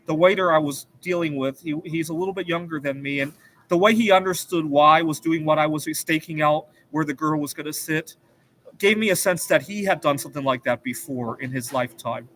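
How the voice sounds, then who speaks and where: A man with a somewhat high-pitched voice hosts his own show, drifting through a long personal story in an earnest, rambling way. A faint hum of ambience sits under his voice. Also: a little fast, a bit bright, poor audio. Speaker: show host. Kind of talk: casual personal monologue.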